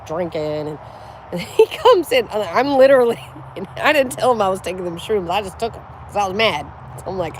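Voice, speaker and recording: A woman's voice: lowish voice, background noise. Laughing, profane middle-aged woman vlogger. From United States. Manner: laughing often, profane, animated storyteller. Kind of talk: casual storytelling chat to camera.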